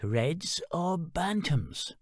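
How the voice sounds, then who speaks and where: A man voicing a brisk older countrywoman selling chickens, teasing and motherly, speaking slowly. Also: on the high side, sing-song, no room sound, pitched above the performer's own voice, full character voice. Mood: teasing, kindly.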